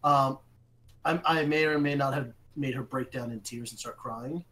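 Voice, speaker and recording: A man's voice: mid-range voice, steady tone, moderate pace, sharp tone, low-quality recording. A young man co-hosting a podcast, telling long profane stories in casual chat. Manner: profane rambling storyteller. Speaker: podcast co-host.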